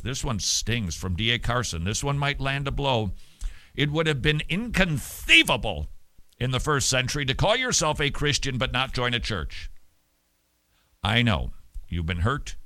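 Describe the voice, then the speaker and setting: A man hosting a radio show, preaching with emphatic stresses and sudden loud words. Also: medium pitch, dry recording. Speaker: radio host.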